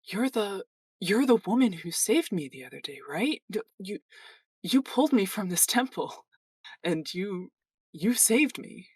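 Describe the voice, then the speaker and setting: A game master voicing a sincere, stammering young man who works at a temple, raised in pitch and halting. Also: animated, slightly rough, dry recording. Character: earnest young male temple attendant.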